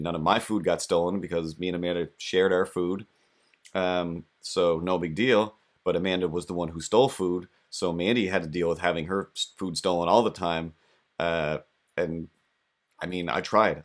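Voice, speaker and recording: A young man hosting a podcast who tells a rambling, self-deprecating comic story. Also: deep voice. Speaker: podcast host.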